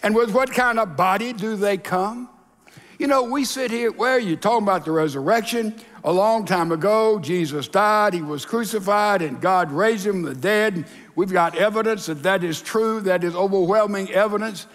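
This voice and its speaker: The pastor's high voice moves at a moderate pace with few pauses, echoing through a large church sanctuary. Delivering his sermon, he tells stories and acts out the dialogue voices himself.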